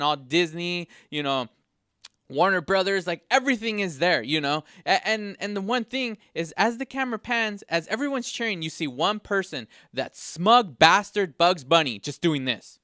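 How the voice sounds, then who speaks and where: High, bright-voiced ranting man. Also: lively intonation, normal speed, clear, resonant tone, no room sound, studio quality. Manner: exasperated, ranting, stumbling restarts. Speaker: podcast host. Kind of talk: comedic movie rant.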